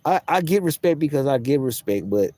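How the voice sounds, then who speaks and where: A man's voice: fairly high pitch, animated, brisk, mellow, slight background noise. A man vlogging a casual, profane, boastful rant to his viewers from outdoors in public. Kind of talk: casual ranting monologue to camera.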